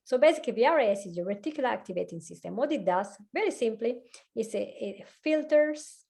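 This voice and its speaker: Fast-talking Italian woman, lively voice. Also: a little high, vocal fry. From Italy. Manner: fast, animated, laughs often. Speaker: guest, hypnotherapist and life coach. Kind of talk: casual chat.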